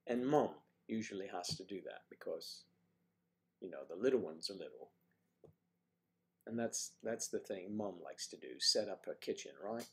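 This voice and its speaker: Older man, livestream host, casual chat, slightly low voice, playful, reads out viewer comments. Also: lively intonation, moderate pace, fairly bright tone. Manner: chatty, greets viewers by name, playful.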